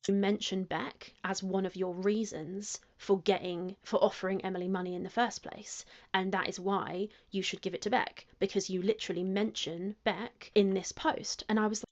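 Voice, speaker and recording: A woman's voice: medium pitch, level tone, normal speed, hardly any pauses, lo-fi sound. A woman explaining and justifying her decisions to camera, repeating herself as she goes. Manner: self-justifying, repetitive. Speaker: youtuber being reacted to.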